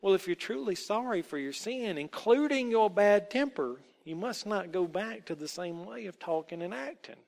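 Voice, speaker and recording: A man voicing a middle-aged Christian aunt who speaks softly but sternly, gently lecturing a child. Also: high-pitched, lively intonation, normal speed, vocal fry, hardly any pauses, voice pushed up. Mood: gently scolding. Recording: long hall reverb.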